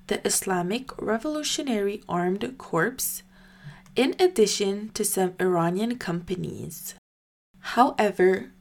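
A woman hosts a news podcast and reads her scripted recap at an unhurried, deliberate pace. Her voice sits in a middle pitch, and she stays careful and even throughout. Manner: measured, careful reading.

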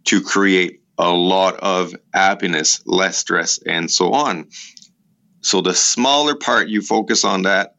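Deep gravelly man with an Italian accent. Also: bright, forceful tone, muffled recording. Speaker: educator in a vocational program. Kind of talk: radio interview answers.

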